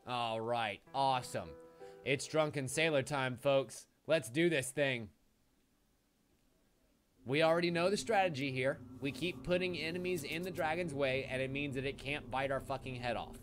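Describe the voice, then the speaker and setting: A man giving live commentary while he plays a video game, excitable and quick to swear when things go wrong. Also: medium pitch. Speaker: game streamer. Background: game music.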